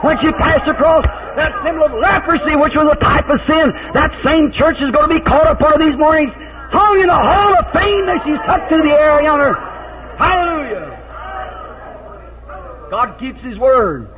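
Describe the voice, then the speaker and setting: A man with a very high, thin voice preaches a revival sermon, spinning folksy stories and breaking into shouted hallelujahs. The recording is a tinny, phone-like old tape. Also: expressive, normal speed, noisy background.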